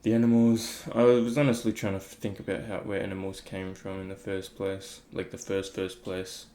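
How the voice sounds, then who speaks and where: A man's voice: low-pitched, monotone, moderate pace, warm tone. A man thinking aloud in a casual, reflective talk about meditation, rambling with many fillers. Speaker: meditation vlogger.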